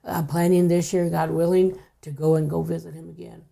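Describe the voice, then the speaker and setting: A little fast and flat, her low-leaning voice carries vocal fry. The older woman, a podcast guest, casually tells a story from her life, keeping things hushed and repeatedly dropping to nearly a whisper.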